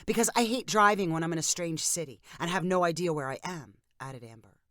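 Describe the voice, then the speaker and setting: A woman's voice: on the low side, fairly quick, a bit bright, no echo, clean studio sound. A woman reading a short story aloud, giving the friends and the phone assistant lightly varied voices. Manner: reads all characters in a lightly varied voice. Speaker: narrator. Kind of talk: scripted story narration.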